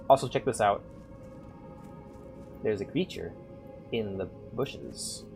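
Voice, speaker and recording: A man's voice: fairly low pitch, sing-song, measured pace, gravelly, pauses often, soft background music. A man chatting casually and crudely with viewers while live-streaming a game. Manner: crude, joking, chats with viewers.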